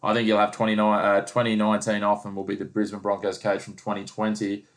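A man's voice: on the low side, monotone, fast. A man hosting a casual sports chat, blunt and teasing, pushing his co-host for answers. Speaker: podcast host.

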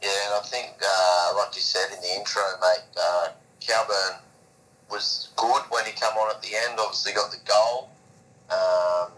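A man's voice: on the low side, steady tone, measured pace, fairly bright tone, low-quality recording. A man co-hosting a casual sports podcast, easygoing and saying "mate" a lot. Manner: easygoing, says "mate" often. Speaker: podcast co-host.

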